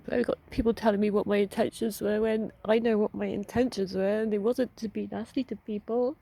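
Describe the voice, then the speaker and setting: A woman vlogger crying as she talks through an upsetting experience, halting and laughing through her tears. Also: mid-range voice, little pitch movement, creaky, warm tone, poor audio. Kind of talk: emotional personal vent.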